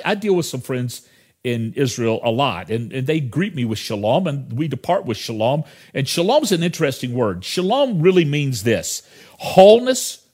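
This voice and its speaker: A middle-aged man preaching from the pulpit in an easygoing, conversational way. His pitch sits right in the middle for a man, and he keeps stepping aside from the point to add remarks to the congregation. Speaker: pastor. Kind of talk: sermon.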